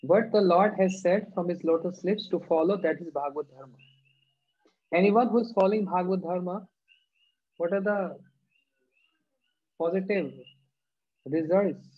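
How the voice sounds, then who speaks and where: High, husky-voiced man preaching. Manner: measured, halting phrasing, chanting verses in a sing-song. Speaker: spiritual teacher giving a discourse. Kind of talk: devotional sermon. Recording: dull lo-fi recording.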